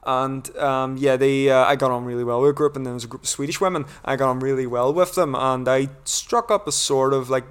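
A man's voice: medium pitch, fairly even intonation, fairly quick, hardly any pauses, clean tone. A man from Northern Ireland with a Northern Irish accent, a podcast guest chatting casually and explaining things in a rambling, lecturing way. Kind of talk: casual conversation.

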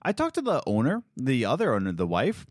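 A young man co-hosting a podcast, telling animated stories in casual chat and acting out the people he quotes. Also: medium pitch, brisk, no echo, studio quality. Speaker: podcast co-host.

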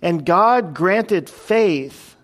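A man delivering a sermon in a chatty, conversational style. His voice sits a little higher than most men's, and he poses rhetorical questions to the congregation and slips into quick acted-out voices. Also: animated, fairly bright tone. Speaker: pastor. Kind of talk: expository sermon.

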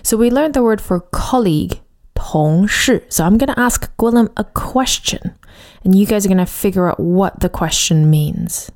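A woman leads a podcast language lesson in a relaxed, warm-toned voice. She explains each point clearly, slowing right down to say the example words. Her pitch sits in an ordinary middle range. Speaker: language teacher.

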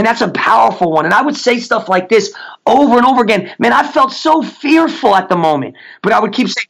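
A middle-aged man, a mindset coach, giving a fervent faith-based motivational talk, slowing down to chant affirmations. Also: sits high, expressive, creaky, a bit bright. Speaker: podcast guest, mindset coach.

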